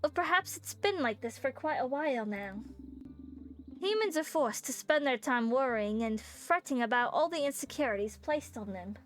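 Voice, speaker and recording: An ancient guardian spirit of a cat shrine, put on by a woman, speaking in a put-on semi-Australian, semi-British accent. Its voice sits high and it tells its tale slowly and solemnly, like a game's storybook narration. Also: animated, fairly bright tone, soft background music. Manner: slow, solemn storytelling reading.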